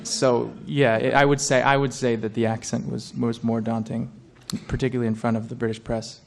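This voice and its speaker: An actor answering at a press conference, self-deprecating and joking, with halting phrasing. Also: male voice, mid-range voice, little pitch movement, creaky. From United States. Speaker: film actor on a press panel.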